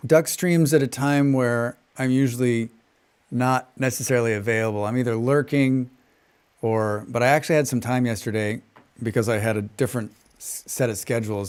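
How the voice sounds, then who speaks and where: A man with a flat General American accent, a game streamer chatting casually while he plays, rambling from point to point and humming little tunes to himself between remarks. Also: mid-range voice, moderate pace, smooth. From western United States. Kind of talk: casual chat while gaming and reading chat.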